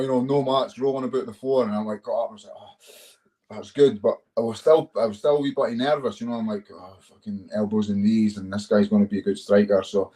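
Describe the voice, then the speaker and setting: Scottish male fighter as interview guest, lowish voice, loose and profane storyteller. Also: darkish tone. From Scotland. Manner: swears freely, chuckles through his stories. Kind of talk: casual storytelling chat.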